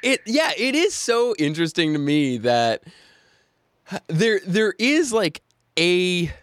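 A man's voice: high voice, very animated, takes it slowly, fairly bright tone, smooth, no room sound. A man guesting on a podcast, chatty and sarcastic, laughing often as he talks. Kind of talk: casual chat.

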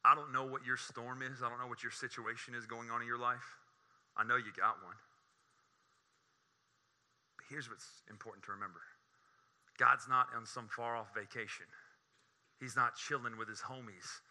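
A man delivers a lively sermon with a very bright, keen edge to his voice. He is animated and joking, and his voice jumps high when he gets excited. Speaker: preacher.

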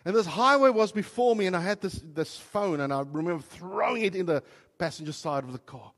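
A pastor from South Africa preaches to his church, his voice sitting a little higher than most men's. He tells his story in waves, dropping soft and quiet and then rising loud with feeling. The sound carries the long reverb of a church hall. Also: animated, a little fast. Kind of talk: sermon.

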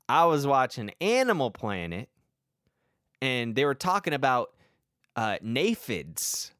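A man's voice: medium pitch, sing-song, unhurried, fairly bright tone, no echo, studio quality. A young man telling a rambling, self-mocking comic story about his childhood. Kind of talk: comedic personal story.

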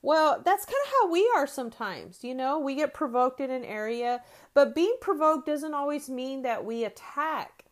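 Casting: woman, fifties, faith podcast host, chatty and searching, voice slightly high. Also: expressive, normal speed, hardly any pauses. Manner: conversational, frequent "right?" and restarts. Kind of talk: faith-based podcast teaching.

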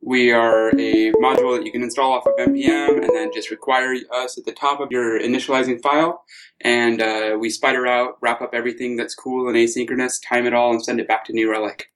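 A man, a software engineer guest, introducing himself in a casual interview with a flat, casual delivery. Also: mid-range voice, a little fast, faint music behind, low-quality recording.

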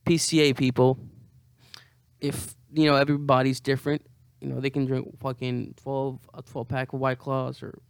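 A man's voice: medium pitch, completely flat delivery, normal speed, gravelly, clear, resonant tone, no room sound, clean studio sound. A hungover young man rambling to camera in a profane, self-mocking monologue. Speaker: vlogger.

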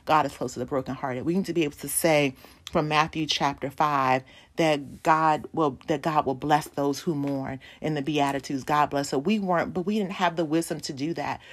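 A woman's voice: low-pitched, steady tone, normal speed. A woman in her forties giving a sermon testimony, telling a personal story and speaking to the congregation as "y'all". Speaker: pastor's wife preaching.

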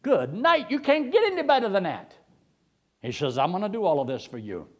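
Animated preacher man. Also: high-pitched, brisk. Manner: animated, swooping preacher cadence with sudden loud rises. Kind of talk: sermon.

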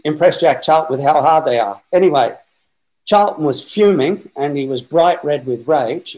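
An Australian man in his sixties, a guest telling a lively, rambling story with many fillers. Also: on the high side, poor audio. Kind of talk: storytelling anecdote.

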